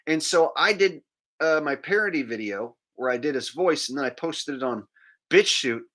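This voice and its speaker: A man hosting his own video, talking casually and mocking in an incredulous, animated way. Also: fairly high pitch, moderate pace, poor audio. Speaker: comedian and video host. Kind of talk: casual comedic commentary.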